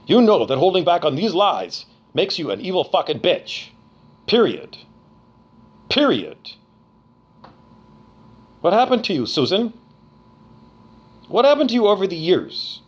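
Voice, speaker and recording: A man's voice: fairly high pitch, sing-song, normal speed, breathy edge, lo-fi sound. A middle-aged man from Canada ranting angrily to camera, profane, accusatory and repetitive. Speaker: vlogger. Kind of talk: angry rant to camera.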